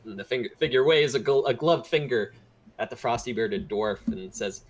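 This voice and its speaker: A man narrating as game master of a tabletop game, in a relaxed, halting way with many fillers. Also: medium pitch.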